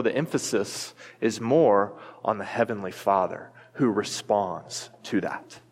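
A man in his thirties preaching a sermon as a pastor, earnest and emphatic, telling a family story to make his point. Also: medium pitch. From United States. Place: church sanctuary. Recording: long reverb of a church hall.

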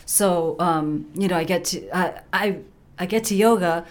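A woman's voice: lowish voice, measured pace. A woman co-hosting a radio show, telling funny stories in casual chat and laughing often. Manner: animated storyteller, laughs often. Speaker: radio co-host.

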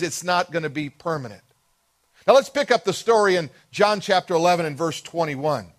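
High-voiced man preaching a sermon. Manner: earnest, expressive preaching with slow emphatic pauses. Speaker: pastor.

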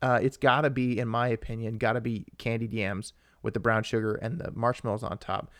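A young man co-hosting a live-streamed podcast, chatting casually in a rambling, excitable way while he answers viewers. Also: medium pitch, fairly quick, no room sound, clean studio sound. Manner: rambling and excitable, with frequent restarts and asides to viewers. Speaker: podcast co-host.

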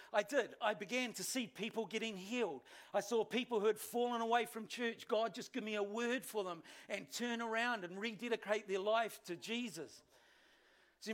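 A male pastor, preaching a sermon with animated, self-deprecating storytelling. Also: high-pitched.

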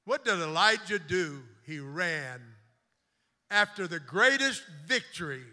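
Fervent high-voiced preaching man. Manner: fervent preaching, swinging from quiet storytelling to loud exhortation. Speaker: bishop preaching. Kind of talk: sermon. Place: church sanctuary. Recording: long church reverb.

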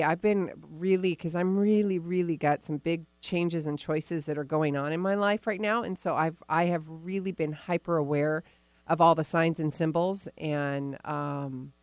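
A woman's voice: deep voice, no echo. A woman hosting a live spiritual talk radio show, bubbly and enthusiastic, chatting into a studio microphone. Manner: bubbly, enthusiastic, laughs often. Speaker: radio show host and psychic reader.

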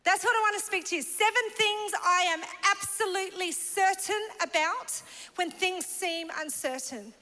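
A woman's voice: very high-pitched, moderate pace, bright, forceful tone, faint music behind. A woman pastor from Northern Ireland, preaching in a bubbly, laughing, chatty way. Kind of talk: sermon. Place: large church hall. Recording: long church hall reverb.

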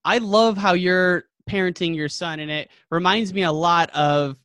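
A man's voice: high voice, moderate pace, a bit bright, dry recording. A man hosting a podcast, asking long, friendly, rambling questions in casual chat. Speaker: podcast host.

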